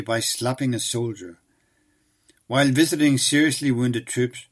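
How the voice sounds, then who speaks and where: A man giving scripted documentary narration in a measured, even reading style. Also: mid-range voice.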